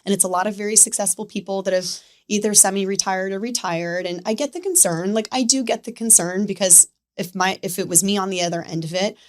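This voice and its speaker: A woman's voice: medium pitch, quick pace, few pauses. A woman in her thirties, a podcast guest, talking candidly in casual conversation and acting out little quoted exchanges as she tells her story.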